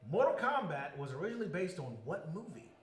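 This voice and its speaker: A man hosting a casual podcast trivia game, reading the questions out slowly and turning loud and playful between them. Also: on the high side, big pitch swings, slight background noise. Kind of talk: casual group podcast chat. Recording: echoey room.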